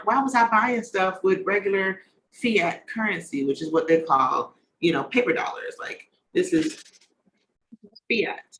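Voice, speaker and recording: Bright, chatty man hosting a video call. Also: high voice, slight background noise, low-quality recording. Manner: slangy, chatty, goes off on tangents. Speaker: online conference host. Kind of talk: casual talk on a video call.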